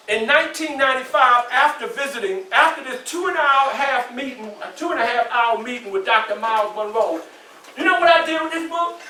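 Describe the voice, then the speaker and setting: Animated Southern preacher-style man. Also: very high voice, slight background noise. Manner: preacherly call-and-response, folksy asides. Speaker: motivational speaker. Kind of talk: motivational talk to students. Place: school hall. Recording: echoey room from far off.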